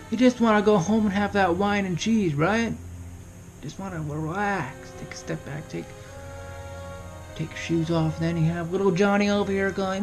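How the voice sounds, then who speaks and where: High-voiced young man giving advice. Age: young adult. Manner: chatty, rhetorical questions. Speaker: vlogger. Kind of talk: casual advice monologue.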